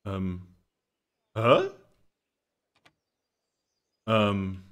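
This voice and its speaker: A man's voice: fairly low pitch, sing-song, drawn-out words, fairly bright tone. A man giving let's-play reaction commentary, incredulous and exasperated, swearing and bursting into laughter at the game. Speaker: gaming YouTuber.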